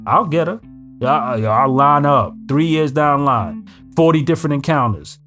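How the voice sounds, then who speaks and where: Guitar music runs underneath as a recovery speaker delivers a casual motivational talk, his advice blunt, emphatic, and full of street slang. He has a higher, slightly bright voice with lively intonation and a moderate pace.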